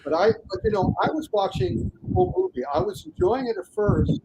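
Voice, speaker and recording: A man talking casually as a guest critic on a video call, animated and acting out reactions. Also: very high voice, brisk, vocal fry, very noisy. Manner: animated, acts out imagined reactions. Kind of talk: casual panel chat.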